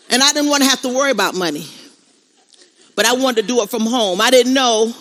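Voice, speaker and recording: A woman's voice: on the high side, fairly quick, a bit bright. A middle-aged woman giving a motivational stage speech, emphatic and preachy, repeating lines and calling out to the crowd. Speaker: motivational speaker. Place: on stage at an event.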